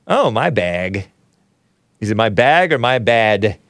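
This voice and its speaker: A male talk show host riffing casually on a livestream, reading chat comments, laughing often and jumping up in pitch when mock-surprised. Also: sing-song, slow, a bit bright, no echo, clean studio sound.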